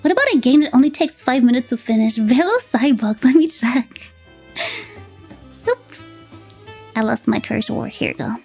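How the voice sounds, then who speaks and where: A woman's voice: on the high side, very animated, normal speed, gravelly, pauses often, darkish tone, slightly rough. A woman with a French accent chatting casually with her live-stream chat, giggling often as she reads and answers messages. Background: faint background music.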